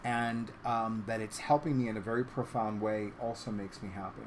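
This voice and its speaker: A man's voice: normal speed, slight background noise. Man talking to camera at home. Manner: switches to a high animated baby-talk voice when addressing his cat. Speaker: vlogger. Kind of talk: casual vlog talk to camera.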